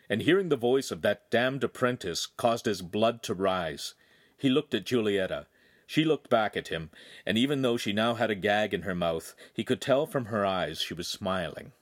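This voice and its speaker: A male audiobook narrator reads a young adult novel in an expressive storytelling style, his lowish voice at normal speed. The scripted narration is recorded in studio quality without echo.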